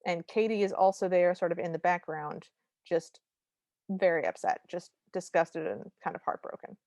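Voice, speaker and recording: A woman with a somewhat low voice co-hosts a casual podcast and walks through a movie plot with wry, joking asides. The sound is dry and close, with no room around it. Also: fairly even intonation, normal speed, a little mellow, no echo, lo-fi sound. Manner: wry, conversational storytelling with humorous asides. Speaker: podcast co-host. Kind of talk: casual movie recap chat.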